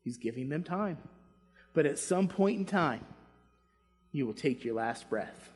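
Husky-voiced man preaching in a reverberant hall. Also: fairly high pitch, lively intonation, unhurried, faint music behind. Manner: impassioned preaching, drops to quiet asides. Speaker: pastor. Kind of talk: sermon. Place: church sanctuary.

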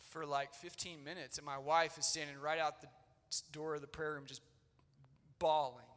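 A man's voice: a little high, pushed and bright. Earnest preacher man in a reverberant church. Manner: earnest, conversational, loose with fillers. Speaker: pastor. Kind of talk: sermon. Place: old church hall. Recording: long church-hall reverb.

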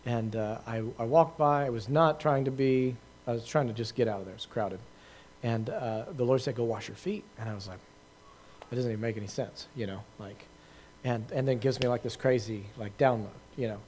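Fairly quick and darkish in tone, his medium-pitched voice comes with a little hiss or hum. The man, a preacher fielding questions, tells a group a story conversationally, full of fillers, restarts and self-directed laughter.

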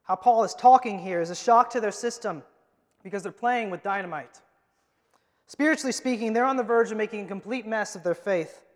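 A man preaching a sermon as the pastor of his church, emphatic and moving from loud to hushed. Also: high voice, a little fast. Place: church sanctuary. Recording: long hall reverb.

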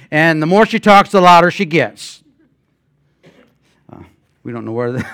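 A man's voice: on the high side, lively intonation, moderate pace, gravelly, pauses often. Older man preaching a folksy sermon. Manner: folksy storytelling with many fillers and restarts; swings between loud emphatic passages and quiet asides. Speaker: guest pastor.

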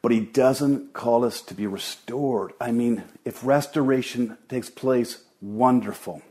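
A middle-aged pastor delivers a sermon in an earnest, emphatic way. He speaks at a middle pitch for a man and repeats words as he builds each point. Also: measured pace, warm tone. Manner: earnest, emphatic preaching with repetitions.

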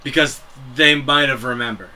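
A man co-hosting a film podcast, calmly retelling scenes in casual chat. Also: medium pitch, moderate pace. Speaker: podcast co-host.

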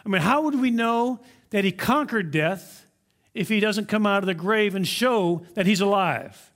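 Emphatic high-voiced male pastor. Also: fairly bright tone. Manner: emphatic, slows down to stress key words; uses props to illustrate. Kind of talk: sermon.

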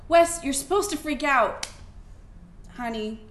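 A woman playing a frustrated pregnant young wife, sharp and emphatic, in a live staged play reading. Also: high voice, lively intonation, slow. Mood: tender. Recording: echoey live room, faint hiss.

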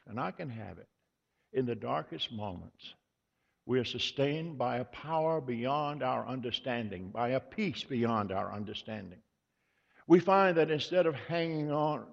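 A man preaching a sermon as pastor, earnest and measured, repeating key words for emphasis. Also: medium pitch, gravelly, slightly rough. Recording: dull lo-fi sound with long hall reverb.

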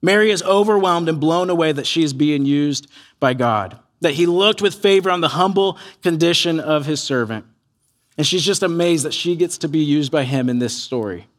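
A man preaching a sermon as pastor, earnest and animated, acting out quoted voices as he tells a story. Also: a little high, normal speed.

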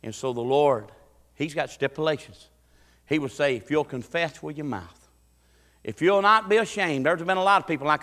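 A man preaching a folksy sermon as pastor, building into excited preaching and acting out voices. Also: a little high, moderate pace, in a large hall. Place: church sanctuary.

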